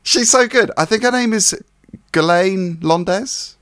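A man co-hosting a film review show, giving earnest, measured praise in casual chat. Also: sits high, a bit bright, no room sound, studio quality.

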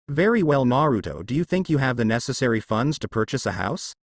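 A man's voice: mid-range voice, big pitch swings, brisk, no echo, studio quality. A man voicing a stern, commanding elderly male village leader in a fan fiction reading. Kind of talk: fan fiction read-aloud.

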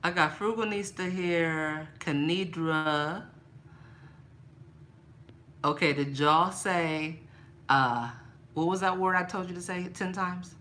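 A low-pitched woman with a bright, forceful tone chats playfully straight to her viewers in a casual haul vlog. She laughs often and talks at an unhurried pace. Faint room noise sits behind her. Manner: animated, rises high when mock-angry. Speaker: vlogger showing a shopping haul.

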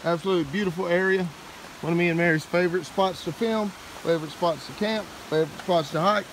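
A man vlogging casually outdoors by a creek, excited and playful, talking into a handheld camera. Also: high voice, quick pace, a little hiss or hum, poor audio. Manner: excited, playful, sing-song. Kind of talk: casual trail vlog chat.

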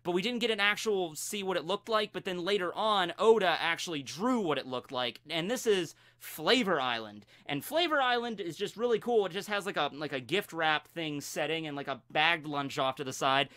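Guy rambling about a cartoon show, high bright voice, lots of restarts. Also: expressive, normal speed, hardly any pauses. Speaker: YouTube host. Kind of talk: casual fan commentary.

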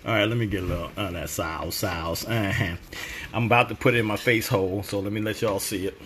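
A man's voice: on the low side, fairly even intonation, a little fast, a bit bright, slight background noise. A man in his fifties hosting a home cooking show, chatting casually and teasing playfully while he tastes the food.

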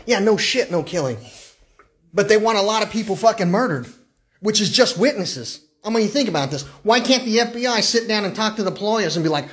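A man's voice: sits high, expressive, brisk. A man on a livestream, ranting in an agitated, profane monologue, firing off repeated questions, stumbling over words and breaking into laughter. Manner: frequent bursts of laughter mid-rant. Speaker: live streamer.

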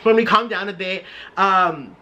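This is a young man from the San Francisco Bay Area recounting a story for his vlog in an easygoing, chatty way. His voice is bright and forward. He gushes with excitement and leans on "like" over and over. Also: high-pitched, unhurried, muffled recording. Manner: gushing and excitable, heavy use of "like" fillers. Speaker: vlogger.

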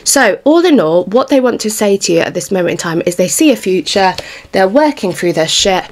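A woman's voice: medium pitch, expressive, a little fast, darkish tone. A British woman talks through a tarot reading in a casual, chatty way, reassuring her viewers as she goes. She sounds a little out of breath throughout, her pregnancy pressing on her lungs. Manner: chatty, reassuring, informal with occasional swearing. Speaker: tarot reader.

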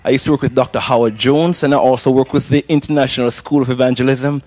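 A middle-aged man with a Jamaican accent, a gospel pianist talking about his faith and ministry in a casual interview, exclamatory and quick to laugh. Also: medium pitch, steady tone. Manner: warm-hearted, laughs often, exclamatory.

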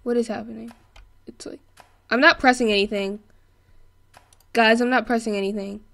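A young woman giving excitable gameplay commentary, laughing and yelling at the game as she plays. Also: fairly high pitch, normal speed, gravelly. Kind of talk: let's play commentary.

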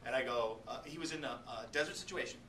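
Animated male teacher in an echoey classroom. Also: medium pitch, fast talker. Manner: animated, joking, talks straight to students. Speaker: biology teacher. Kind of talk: classroom lecture. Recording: echoey classroom, distant mic, noisy.

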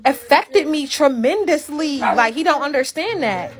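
A woman with a high voice talks straight to her live-stream viewers, pouring out hurt in an emphatic, unfiltered way. She swears freely and keeps circling back to the same points as she vents. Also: lively intonation, unhurried. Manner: emphatic, profane, repeats herself. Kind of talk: emotional venting to a live audience.

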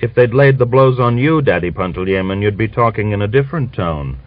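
A man's voice: on the low side, animated, a little fast, dry recording, natural voice. A man voicing a sulky young Cossack soldier talking back to an elder, from an old lo-fi recording.

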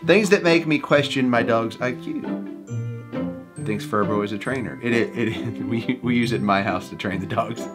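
A man's voice: mid-range voice, normal speed. A man hosting a reaction video, casually joking and laughing as he comments on animal clips. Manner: playful, laughs often, jokes about the animals. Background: music playing.

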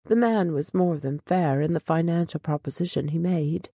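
A narrator reading a classic short story aloud in a measured, dramatic way. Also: medium pitch, warm tone, no room sound, lo-fi sound.

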